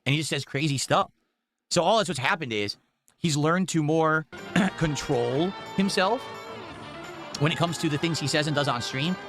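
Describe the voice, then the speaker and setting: A man streaming live, reacting to clips at a desk microphone with incredulous, exasperated outbursts. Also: a little high. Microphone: desk condenser mic.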